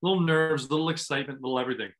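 A man of middle pitch talks through a mental routine for athletes in an earnest, coaching way. He keeps restarting phrases as he goes, and the sound comes through a video call. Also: racing, fairly bright tone. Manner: earnest, restarts phrases, acts out inner self-talk. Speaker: guest, former pro volleyball player. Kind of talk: explaining mental training in conversation.

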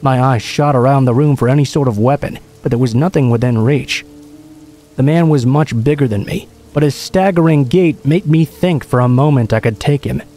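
A man telling a first-person horror story in a steady, measured scripted narration. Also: medium pitch. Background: faint music and rain.

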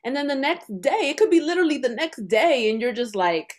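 Woman host, empathetic and reflective, voice a touch high. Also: very animated, brisk. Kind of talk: supportive interview talk.

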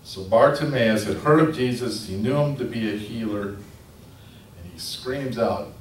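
A man's voice: on the low side, a little slow. Guy preaching a sermon, storytelling, roomy echo, bit of faint hiss behind. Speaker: pastor. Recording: echoey room from a distance, faint noise.

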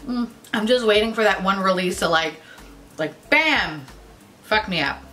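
A woman's voice: medium pitch, lively intonation, unhurried, pushed and bright, soft background music. A woman beauty vlogger in casual, profane, bubbly chat reviewing makeup.

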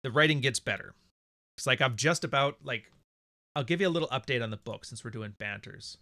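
Man, Canadian accent, forceful bright tone, dry close sound, profane off-the-cuff host chatter. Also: mid-range voice, a little fast, no room sound. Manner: blunt, profane and rambling. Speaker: podcast host. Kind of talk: casual livestream monologue.

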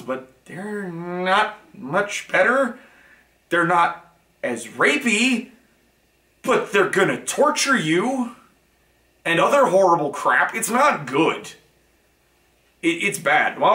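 A man's voice: on the high side, sharp tone. A man hosting his own channel, talking through a casual monologue in a rambling, frank way that keeps correcting itself. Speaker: channel host. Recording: echoey room.

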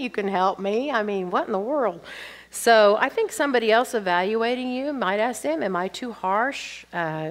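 An older woman with a slightly low voice reads audience questions aloud and answers them candidly, weaving in chatty personal stories. The sound carries the long reverb of a large hall.

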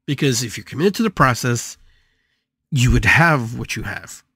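An older man hosting a live podcast, talking through a monologue in an animated way, repeating phrases and swinging his pitch widely. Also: moderate pace, slightly rough, dry recording. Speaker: podcast host and shamanic healer.

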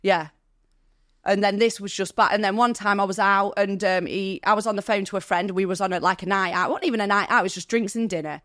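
Woman guest, mid pitch, candid emotional storyteller, dry close sound. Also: fairly even intonation, quick pace, a bit bright, no echo. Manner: candid, vivid retelling with quoted dialogue; emotional, near tears. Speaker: podcast guest. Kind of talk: personal storytelling in an interview.

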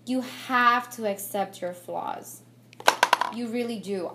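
Heavy background noise surrounds this beauty vlogger, whose fairly high voice moves at an unhurried pace. She chats through a get-ready-with-me makeup session on a camera mic set on a tripod, candid and reflective, often using fillers and starting over.

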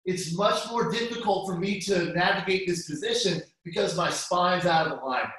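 A man's voice: high voice, moderate pace. A man teaching a jiu-jitsu class, walking students through moves step by step and calling them guys. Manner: steady step-by-step coaching, addresses students as guys. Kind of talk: live class instruction over video call. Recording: echoey room, voice from far off.

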